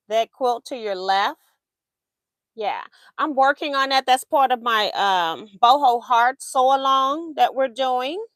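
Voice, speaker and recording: High-pitched lady chatting on her live stream, slow and easy, reads out comments, dry close sound. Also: no echo. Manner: reads viewer comments aloud, laughs often; soothing a crying baby in sing-song coos. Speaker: livestream host. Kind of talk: casual live-stream chat. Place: home craft room.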